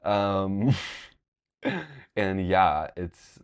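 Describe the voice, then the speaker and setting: A young man from Long Beach, California, spins a loose, meandering personal story as host of his own show. His voice sits on the lower side, and he fills every pause with "like" and drops casual swears along the way. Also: big pitch swings, clean tone. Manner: rambling, heavy on "like" fillers, frequent swearing. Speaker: podcast host.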